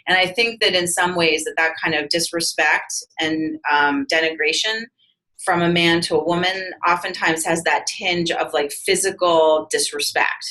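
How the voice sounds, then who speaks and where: A woman's voice: lowish voice, normal speed, pushed and bright, low-quality recording. A woman author giving an interview in a candid, emphatic conversational way, often restarting her sentences.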